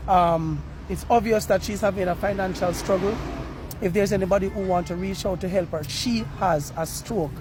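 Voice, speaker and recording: A man's voice: sits high, moderate pace, background noise. A Jamaican man reporting outdoors on a university campus, earnestly pleading with viewers and slipping into patois. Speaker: street reporter. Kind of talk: on-the-spot appeal to viewers.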